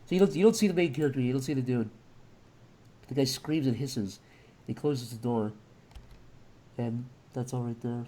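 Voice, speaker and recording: A man's voice: mid-range voice, normal speed, long pauses, warm tone, a little hiss or hum. A man chatting loosely and crudely on a live stream as he sketches and reads out donations. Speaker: streamer and animator. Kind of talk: casual live-stream chat while drawing.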